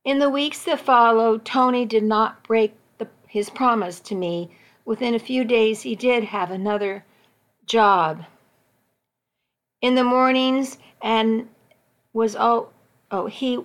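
A woman reads a first-person story aloud in a steady, reflective way. Her voice sits a touch high, and she keeps an even storytelling pace. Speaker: narrator.

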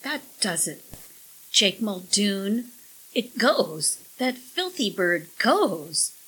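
A sharp-tongued young wife who speaks curtly and with a tart edge, read by a woman. Her voice is bright and breathy, and she talks slowly. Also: mid-range voice, sing-song, exaggerated voice, rough recording. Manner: curt and tart. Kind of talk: audiobook character voice.

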